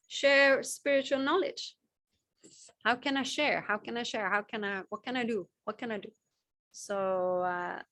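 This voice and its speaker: A woman's voice: medium pitch, fairly bright tone. A woman with a Balinese accent giving an informal spiritual teaching, rambling, repeating phrases and acting out short quotes.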